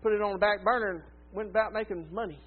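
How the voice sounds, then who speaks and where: Preacher doing a loud, high, folksy old man of eighty, cheerful talker, tinny phone-like sound. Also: fast talker. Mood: reminiscing.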